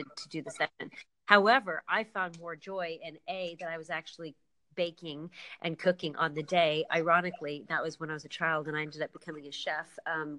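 Woman, middle-aged, American with slight Irish accent, lowish voice, quirky, laughing, remote call. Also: fairly bright tone. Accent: slight Irish tinge over American. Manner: bubbly, quirky, laughs a lot. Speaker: guest chef and baker. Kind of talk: casual interview over a call.

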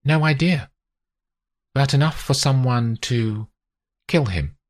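A man reading an audiobook, voicing a calm female investigator who questions in a level, probing way. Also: extremely low pitch, slow pace, pitched above the performer's own voice. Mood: serious.

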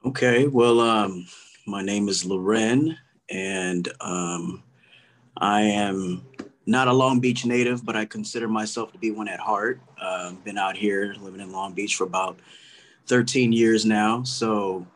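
A man's voice: fairly low pitch, unhurried. A man from Los Angeles, a podcast guest, speaking loosely with many ums and repeats. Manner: relaxed, hesitant, many "um"s and repeats. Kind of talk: casual video-call interview.

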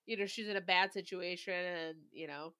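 Chatty woman with a bright voice. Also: lowish voice, steady tone, normal speed, clean tone, no echo, studio quality. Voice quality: chatty, many "like" fillers. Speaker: podcast co-host. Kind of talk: casual movie review chat.

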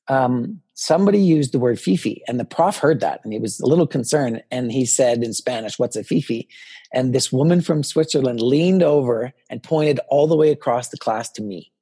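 A man in his fifties, a podcast guest telling personal stories in a lively way and acting out what people said to him. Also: mid-range voice, husky. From Canada. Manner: animated storyteller, acts out quoted dialogue. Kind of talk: personal storytelling in a podcast interview.

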